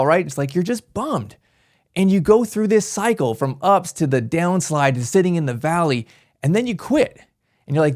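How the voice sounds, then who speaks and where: A man hosting a business podcast, giving an energetic motivational talk and acting out the thoughts of his listeners. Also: fairly high pitch, fairly quick. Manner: energetic, animated, acts out quoted voices.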